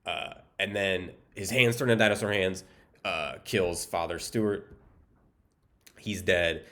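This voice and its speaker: A man casually recapping a film plot with deadpan humor, rambling and filling gaps with "um" and "like". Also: low-pitched, a little slow. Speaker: movie recap host.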